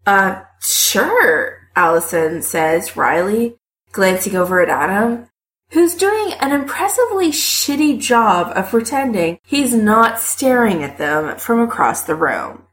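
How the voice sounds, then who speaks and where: A woman reading fiction aloud as an audiobook narrator in an expressive way. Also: medium pitch, a little slow.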